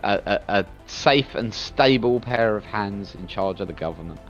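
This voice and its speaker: A man's voice: fairly low pitch, expressive, normal speed, highs cut off, soft background music. A man co-playing a strategy game on a stream, joking dryly, with stammered restarts. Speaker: co-player. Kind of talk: casual game chat.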